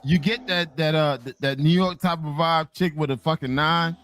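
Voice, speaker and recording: A man co-hosting a casual chat, animated and repeating himself as he talks. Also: fairly high pitch, normal speed, smooth. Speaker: podcast co-host.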